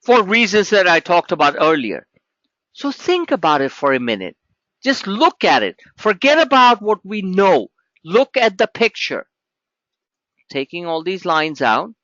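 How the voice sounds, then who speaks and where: A man's voice: sits high, sing-song, a little slow, a bit bright, dry recording, lo-fi sound. A man hosting a live trading webinar, talking emphatically and repeating himself as he walks viewers through charts. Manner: emphatic, repetitive, talks straight to viewers.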